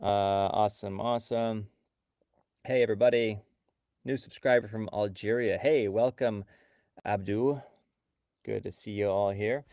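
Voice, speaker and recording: A man's voice: lowish voice, fairly even intonation, unhurried, long pauses, darkish tone, no room sound, studio quality. A man hosting a live stream, greeting viewers by name and casually explaining mobile app development. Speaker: livestream host and coding instructor.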